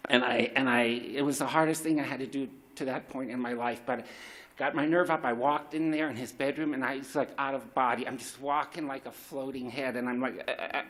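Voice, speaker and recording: A man's voice: mid-range voice, steady tone, brisk, fairly bright tone. A middle-aged man telling a raw, confessional personal story at a live story slam, swearing freely and restarting his sentences.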